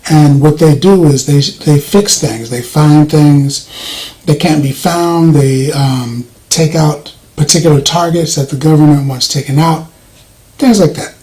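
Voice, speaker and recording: Soft-spoken guy reviewing a movie, kinda high voice, rambles and restarts a lot. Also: measured pace, low-quality recording. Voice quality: voice does not carry, soft-spoken. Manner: rambling, hesitant, frequent fillers and restarts.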